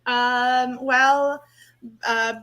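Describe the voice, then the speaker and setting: A woman chatting casually on a live stream, relaxed and quick to laugh. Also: high voice. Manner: laughs easily, relaxed unhurried talk.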